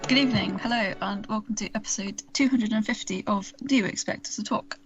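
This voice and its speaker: A woman's voice: mid-range voice, brisk, lo-fi sound, over music. A woman hosting a casual film review podcast, chatty and giggly, running through the cast with lots of ums. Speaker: podcast host.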